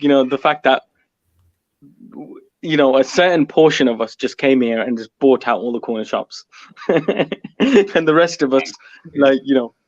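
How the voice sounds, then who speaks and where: A man's voice: mid-range voice, no echo. A man from Birmingham with a Birmingham accent, a guest chatting casually and laughing often. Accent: Birmingham English. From Birmingham, England. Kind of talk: casual chat. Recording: dry, dull lo-fi sound.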